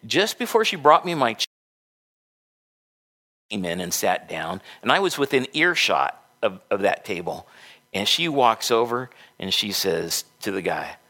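A man's voice: mid-range voice, pushed and bright. A middle-aged man preaching a sermon as a pastor, with folksy, conversational storytelling.

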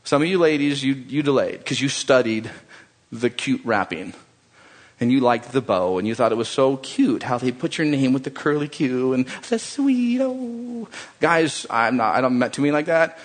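A man preaching a sermon as pastor, animated and conversational, joking with his congregation. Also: mid-range voice, moderate pace.

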